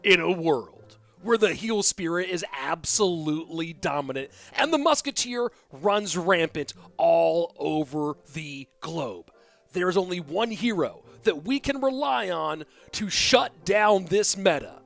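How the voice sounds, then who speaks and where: A man voicing a dramatic male movie-trailer announcer, with slow, drawn-out delivery. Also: high voice, sing-song, creaky, fairly bright tone, faint music behind, exaggerated voice. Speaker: esports commentator.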